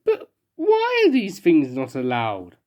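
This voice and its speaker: A woman voicing a cheerful, bossy little girl who talks brightly and briskly. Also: low voice, huge pitch swings, exaggerated voice. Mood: cheery.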